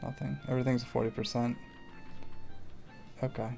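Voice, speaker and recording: A man's voice: mid-range voice, level tone, normal speed, creaky, mellow, faint music behind. A man co-hosting a casual let's-play, thinking aloud with hesitant fillers and dry jokes. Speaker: co-host of a gaming channel.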